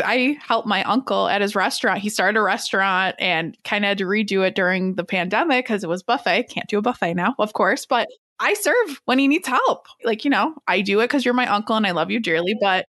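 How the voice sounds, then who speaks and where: A woman's voice: medium pitch, dry recording, clean studio sound. Chatty woman hosting an interview. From Metro Detroit area. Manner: chatty, filler-heavy, animated quoting. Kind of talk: casual interview chat.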